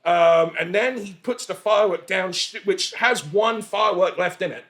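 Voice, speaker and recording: A man in his forties, a podcast guest telling stories in a casual, animated way, laughing and swearing freely. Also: high voice, moderate pace, a loud crowd. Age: 40s. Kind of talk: casual storytelling chat.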